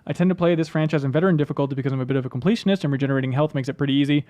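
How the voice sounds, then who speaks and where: A man hosting a casual podcast chat, reading listener messages aloud in an animated way. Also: fairly high pitch, racing.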